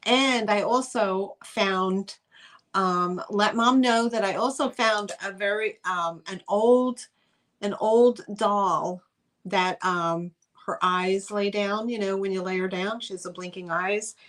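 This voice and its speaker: A woman's voice: mid-range voice, slow pace, fairly bright tone. A woman hosting a casual live-stream vintage sale, chatty and rambling with lots of fillers. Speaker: host selling vintage items.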